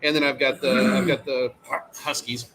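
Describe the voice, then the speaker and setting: A man's voice: mid-range voice, fairly even intonation, moderate pace, fairly bright tone, a little hiss or hum. A man co-hosting a casual chat show, easygoing and self-deprecating. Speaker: co-host.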